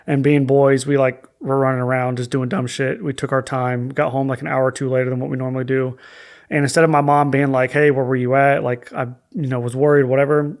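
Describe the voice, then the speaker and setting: Guy telling his own story on a podcast, middle pitch, lots of restarts and likes. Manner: halting, with frequent restarts and fillers. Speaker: podcast guest. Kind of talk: personal storytelling.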